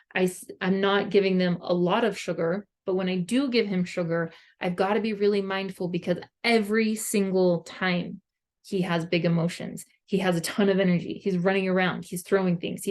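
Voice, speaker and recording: Female parenting vlogger, casual earnest monologue, medium pitch, chatty filler words. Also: darkish tone. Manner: earnest, conversational, heavy use of "like".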